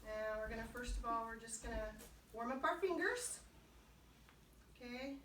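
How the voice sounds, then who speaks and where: A woman's voice: fairly high pitch, expressive, moderate pace, fairly bright tone. A woman children's librarian leading a kids' music and movement class, cheerful and encouraging, with playful sound words. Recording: roomy sound from a distant mic.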